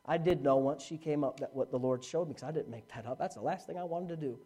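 A middle-aged man preaching a sermon as a pastor, telling a story with animated swings from hushed speech to shouting. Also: on the high side, fast talker, husky.

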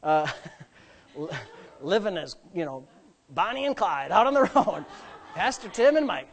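Male pastor telling a story from the pulpit, animated, does voices. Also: high-pitched, a little slow. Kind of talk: sermon storytelling.

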